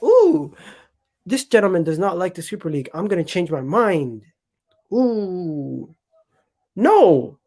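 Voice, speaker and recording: A man hosting a live football stream, talking to his chat in an animated, emphatic way and often repeating himself. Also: high voice. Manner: chatty, addresses chat directly. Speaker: football channel host.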